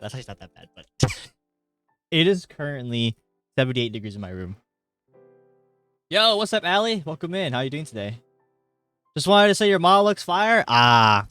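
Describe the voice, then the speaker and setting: A man's voice: mid-range voice, smooth, no room sound. Rambling young man streaming, tired. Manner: rambling, jokey, reads chat aloud with sudden loud greetings. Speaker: livestreamer. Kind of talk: casual live-stream chat. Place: hot bedroom.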